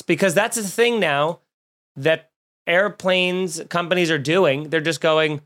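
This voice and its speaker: A man's voice: on the high side, takes it slowly, a bit bright. A young man hosting a podcast, chatting casually and telling stories in a rambling, joking way. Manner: rambling, jokey storyteller with many restarts. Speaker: podcast host and comedian. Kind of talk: casual chat.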